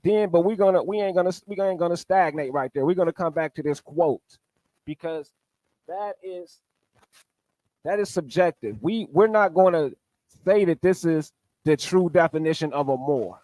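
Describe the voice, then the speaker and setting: A man's voice: on the high side, normal speed, no room sound. Emphatic man, dry close mic. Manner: animated, emphatic, argumentative, talks through on-screen sources. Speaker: online debater recapping a debate. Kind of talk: livestream recap.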